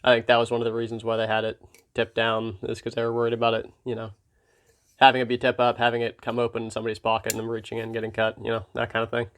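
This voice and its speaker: A man from Pennsylvania hosting his knife vlog, talking casually and wryly, his voice slightly froggy and hoarse. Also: medium pitch, monotone, fast, a bit bright. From Pennsylvania, USA. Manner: laid-back and wry, with filler ums. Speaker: knife channel host. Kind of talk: casual hobby vlog talk.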